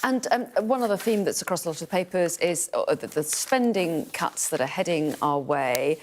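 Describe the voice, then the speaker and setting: A woman presenter leads a morning news paper review in a slightly low voice. She hesitates and fills gaps with "um"s while steering the talk, and faint noise sits under the studio sound. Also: expressive, moderate pace, darkish tone. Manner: hesitant, many fillers, steers conversation. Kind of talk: live studio discussion.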